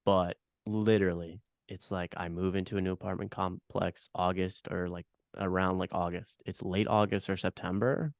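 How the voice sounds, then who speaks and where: A man's voice: low voice, level tone, moderate pace, few pauses, no room sound, studio quality. A young man hosting a podcast, chatting casually with lots of fillers, swearing and eager agreement. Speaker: podcast host.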